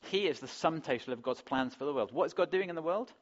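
A man's voice: a little high, animated, fast. A man preaching a sermon in a conversational way, often putting rhetorical questions to the congregation, on a dull lo-fi recording. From England.

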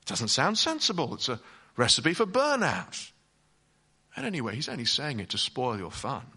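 A preacher putting on a sly whispering devil. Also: male voice, mid-range voice, very animated, moderate pace, pushed and bright, slightly rough, heavily acted. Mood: coaxing. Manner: coaxing, insinuating.

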